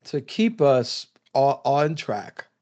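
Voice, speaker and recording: A male writer in a casual chat, talking in an emphatic, animated way and laughing often. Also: medium pitch, takes it slowly, dull audio. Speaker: writer and podcast guest.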